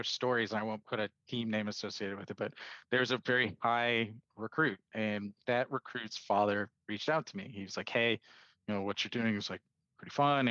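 A man's voice: lowish voice, fairly bright tone, dry recording. A man who is a sports analytics guest on a podcast, telling stories chattily and acting out quoted dialogue. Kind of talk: casual interview chat. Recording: slightly dull, dry sound.

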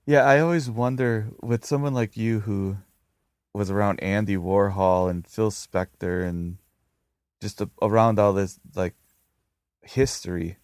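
A man hosting a casual interview, asking slow, musing questions. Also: fairly low pitch, a little mellow, smooth, no room sound, studio quality. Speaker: host.

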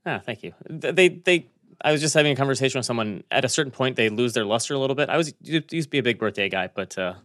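A man hosting a podcast in a casual, chatty way, fast and self-deprecating. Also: mid-range voice, animated, a bit bright, dry recording, clean studio sound. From United States. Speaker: podcast host. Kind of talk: casual chat, reading an ad.

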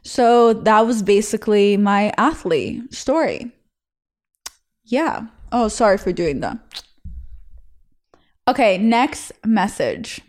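A young woman from Israel, her voice at medium pitch, talks slowly with long pauses and big swings in pitch. As host, she reads listener stories and reacts in a frank, laugh-heavy, bawdy chat.

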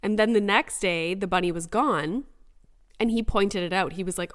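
A woman's voice: mid-range voice, moderate pace. A woman in her thirties hosting a solo podcast, chatting casually and acting out quoted dialogue with lots of "like.". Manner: chatty and animated, acts out quoted dialogue with frequent "like". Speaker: podcast host.

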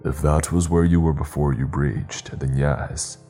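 A man voicing a stern, disembodied entity that gives slow, measured commands in a deep voice. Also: warm tone, faint music behind. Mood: commanding.

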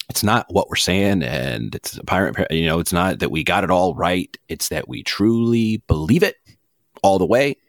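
An actor playing a hot-tempered, struggling devout Christian man, lurching between shouted accusations and sheepish apologies on an improvised comedy podcast. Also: sits low, no room sound, clean studio sound. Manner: volatile, yelling accusations then sheepish apologies. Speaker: returning guest.

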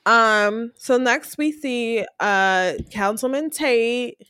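A fairly high-voiced woman talking casually and with lots of energy, slipping into quick impressions of the people she describes. The sound is close and dry, with no room around her. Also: smooth, no echo. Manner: animated storyteller, acts out characters' lines in slangy voices. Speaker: podcast co-host recapping a TV episode. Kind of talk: casual chat.

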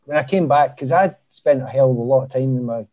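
A middle-aged man with a Glaswegian Scottish accent, a former footballer chatting as a podcast guest and telling lively anecdotes while laughing at himself. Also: medium pitch, fast. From Scotland. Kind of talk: casual podcast chat.

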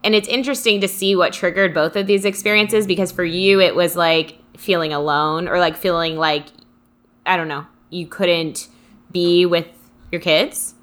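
Young woman co-host, lower-pitched yet bright and forceful, reflective and rambling. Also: steady tone, normal speed. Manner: rambling and reflective, many fillers. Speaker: co-host reading live comments. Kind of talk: casual live-stream chat.

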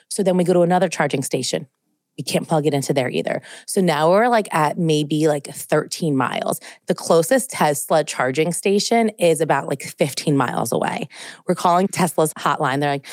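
A woman's voice: low-pitched, normal speed, no echo, studio quality. A young woman co-hosting a podcast, telling a long story in casual chat and filling it with "like". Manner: animated storyteller, heavy use of "like". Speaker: podcast co-host.

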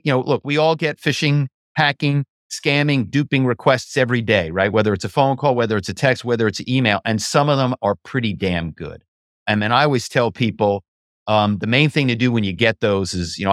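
Animated storytelling man, dry sound. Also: fairly low pitch, dry recording. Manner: animated storyteller, many "you know" asides. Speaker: guest, former actor and corporate spy. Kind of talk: conversational interview storytelling.

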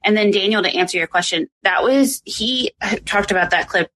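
A woman's voice: mid-range voice, normal speed, fairly bright tone, rough recording. A woman hosting a live audio chat, giving casual, chatty commentary full of asides. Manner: chatty, many fillers and asides.

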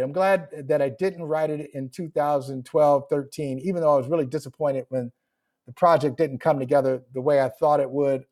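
A man who is an author, answering podcast questions remotely in a reflective, emotional way and laughing often. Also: fairly high pitch. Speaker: author guest. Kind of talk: podcast interview.

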